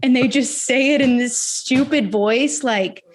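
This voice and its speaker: A woman's voice: high voice, unhurried, a crowd in the background. This is a young adult woman from the Memphis area, co-hosting a casual sports podcast. She tells stories with a lot of energy and slips into imitations of the people she quotes. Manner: animated storyteller, acts out quoted voices. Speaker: podcast co-host.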